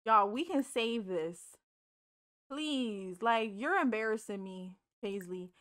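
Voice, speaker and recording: A young woman doing casual let's play commentary, chatty and animated, scolding the game characters and swearing freely. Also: fairly high pitch, slow. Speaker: gaming streamer.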